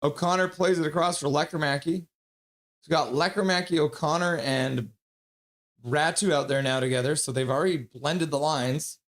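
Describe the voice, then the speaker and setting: A man calls a hockey game live for his stream, quick to get excited and blunt in his judgments. His voice sits a little higher than most men's, and he slides easily between play-by-play and casual banter with chat. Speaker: streamer doing fan play-by-play.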